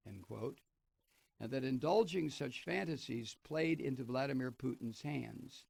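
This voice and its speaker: A man's voice: medium pitch, a little slow, gravelly, darkish tone, no echo. A man hosting a radio talk show, reading a news piece aloud and breaking off into sardonic, profane commentary. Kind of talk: political commentary, reading and remarking on an article.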